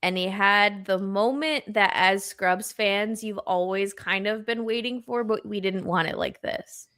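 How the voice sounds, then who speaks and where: A woman co-hosting a live show, recapping a TV episode in casual chat, animated and emotional, with gasps and laughs. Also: medium pitch, a little slow. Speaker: podcast co-host.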